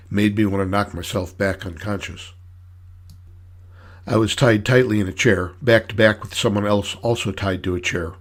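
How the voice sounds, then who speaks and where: A man reading his own story aloud in dry, wry, hard-boiled first-person narration. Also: on the low side.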